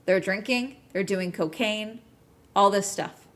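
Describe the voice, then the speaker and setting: A woman hosting a casual podcast, recapping a crime documentary in an animated, profane way with frequent "okay?" check-ins. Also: mid-range voice, takes it slowly. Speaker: podcast host.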